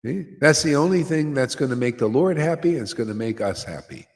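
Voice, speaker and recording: A man's voice: mid-range voice, animated, fairly quick. A man giving an informal devotional talk as a spiritual teacher, loose and conversational, often tossing in "see?" and "man". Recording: long hall reverb.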